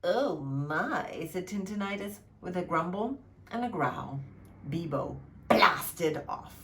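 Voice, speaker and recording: A woman at a childcare centre reading a funny picture book aloud to children, expressive and playful. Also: mid-range voice. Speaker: childcare storyteller.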